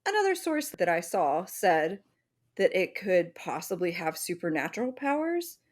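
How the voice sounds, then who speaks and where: A woman co-hosting a podcast, presenting the episode's topic in casual chat, animated and swearing freely. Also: fairly low pitch, moderate pace. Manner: animated, swears freely, acts out little voices.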